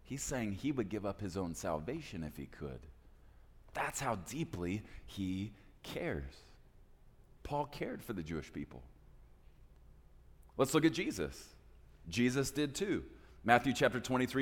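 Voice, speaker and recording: A man preaching a sermon as pastor, swinging between loud, pleading peaks and hushed, intense passages. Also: medium pitch, big pitch swings, a little slow, long pauses, breathy edge, big-room sound.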